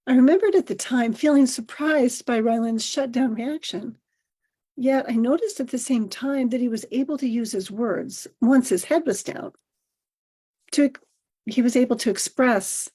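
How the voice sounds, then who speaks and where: Soft-spoken woman reading a personal story. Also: fairly high pitch, husky. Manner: gentle, measured storytelling. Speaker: podcast host. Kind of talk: reading a personal essay aloud.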